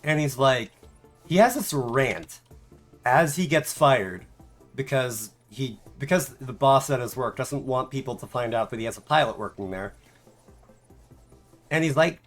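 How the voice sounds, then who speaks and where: A male streamer chats casually and wanders off on tangents, stuffing his sentences with fillers. His pitch swings widely from low mutters to high exclamations. Faint music plays underneath. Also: animated, measured pace, long pauses. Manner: rambling, filler-heavy, tangents. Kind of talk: casual chat.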